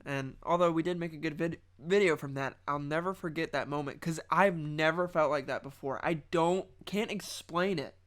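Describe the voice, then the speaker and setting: A man's voice: a little high, moderate pace, few pauses, fairly bright tone. A young man hosting a casual podcast, rambling through a funny story with lots of restarts. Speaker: podcast and stream host. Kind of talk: casual chat.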